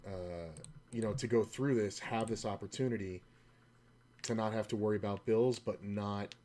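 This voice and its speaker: A man's voice: lowish voice, fairly even intonation, moderate pace, dark tone, a little hiss or hum. A man streaming poker who tells a long, rambling story in a casual, discouraged way, often stopping mid-sentence. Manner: rambling, self-interrupting, quotes others in his own voice. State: discouraged, low-key. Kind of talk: casual storytelling while playing.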